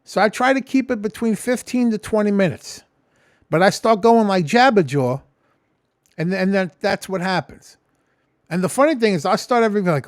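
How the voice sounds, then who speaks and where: A man's voice: high voice, animated, normal speed, dry recording, clean studio sound. A man talking casually in a rambling, profane vlog at home. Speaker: vlogger. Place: home kitchen.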